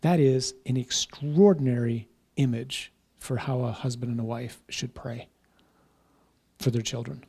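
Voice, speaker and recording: A man's voice: medium pitch, fairly even intonation, measured pace, dark tone, husky. A man, a parish priest, teaching a class in an informal conversational way, often checking in with "right?" and "huh?".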